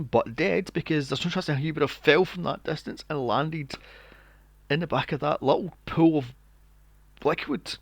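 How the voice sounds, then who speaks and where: A man hosting a podcast, recapping a film in casual chat, animated and sweary, acting out scenes in mocking voices. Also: a little high, creaky, dry recording. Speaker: podcast host. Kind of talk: casual movie review chat.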